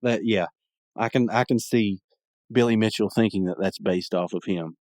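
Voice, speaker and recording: A man hosting a podcast and recapping a cartoon episode in a loose, chatty ramble, often restarting his sentences. His voice is on the low side. It is recorded close and dry, with no room echo. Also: normal speed, darkish tone. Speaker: podcast host.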